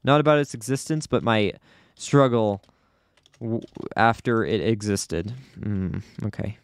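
A man's voice: fairly low pitch, measured pace, smooth, no echo. A young man giving casual, chatty commentary over his own gameplay, often flustered and poking fun at himself. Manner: chatty, self-deprecating, easily flustered. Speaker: gaming YouTuber.

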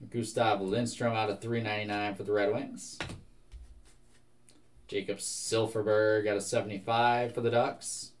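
A young man hosting a live card break, reading out one card after another in a brisk, casual way. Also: lowish voice, little pitch movement.

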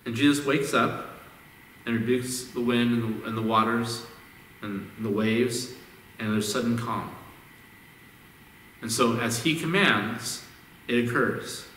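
Male pastor at mid pitch, easygoing sermon delivery, recorded from across a reverberant church. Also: slow pace, pauses often, fairly bright tone, slight background noise. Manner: conversational, repeats words as he restarts phrases. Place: church sanctuary. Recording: echoey hall, distant mic.

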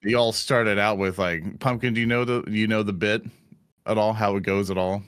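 A man as an improv comedy guest, playful and animated. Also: fairly low pitch, normal speed, clear, resonant tone, no room sound, studio quality.

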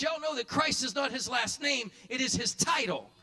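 A male pastor preaching a sermon in church, repeating his phrases and building to shouts, then dropping into quick quiet asides. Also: very high voice, animated. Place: church sanctuary.

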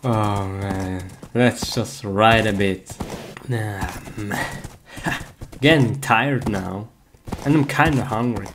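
A man's voice: on the low side, extremely slow, noisy background. A man in a comedic skit casually narrating his actions as a game player, with frequent giggles.

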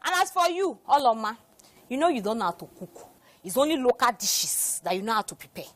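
A woman's voice: fairly high pitch, very animated, a little fast. A woman with a Nigerian English accent playing a scheming, boastful young woman in a film drama. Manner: scornful, boastful.

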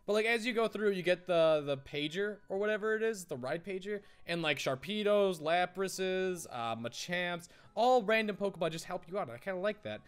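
A man's voice: sits high, animated, normal speed, few pauses, clean tone. A man hosting a let's play, giggly and rambling, easily sidetracked while chatting through the game. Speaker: gaming channel host.

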